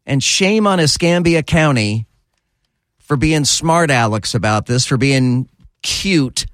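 A man's voice: medium pitch, expressive, a bit bright, no echo, clean studio sound. A man hosting a talk radio show, speaking in a sarcastic, opinionated way and repeating his points for emphasis. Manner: sarcastic, repetitive, drawn-out emphasis. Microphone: studio microphone.

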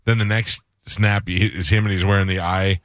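A man's voice: low-pitched, flat delivery, moderate pace, dry recording, clean studio sound. A man hosting a radio show, chatting casually and telling rambling stories, acting out the voices of the people he quotes.

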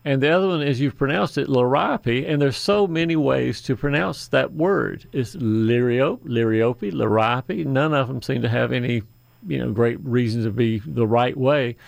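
A man's voice: medium pitch, moderate pace, vocal fry, dry recording. A man hosting a call-in garden radio show, chatting in a folksy, rambling way with asides.

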